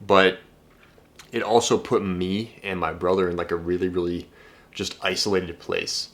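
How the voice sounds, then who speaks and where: Young male dating coach, low voice, blunt, energetic, swears a lot, casual to-camera talk. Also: moderate pace. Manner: energetic, blunt, swears freely, frequent restarts.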